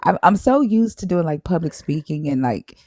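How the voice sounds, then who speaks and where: A woman with a Southern accent hosting a live stream, chatting casually, shouting out viewers and laughing often. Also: lowish voice, lively intonation, moderate pace, no echo, clean studio sound.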